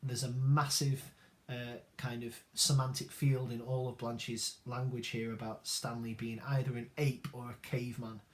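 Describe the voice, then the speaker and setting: A man's voice: medium pitch, flat delivery, moderate pace. A man, an English teacher, explaining a play in a recorded lesson, casual and full of ums and tag questions. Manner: informal, many ums and rhetorical tag questions.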